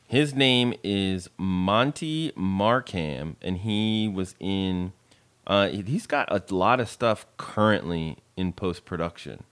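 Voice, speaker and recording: Male podcast co-host; lively, playful recap talker with a very mobile pitch. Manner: animated, jokey, does quick voices of characters. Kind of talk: casual movie recap chat.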